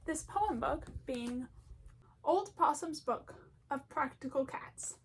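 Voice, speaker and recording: A woman with a high voice talks in a loose, rambling way, as if chatting to a friend. She pokes fun at herself and laughs easily between her thoughts. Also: animated, slow. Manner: chatty, self-deprecating, laughs often. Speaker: video essayist. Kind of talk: casual rambling commentary.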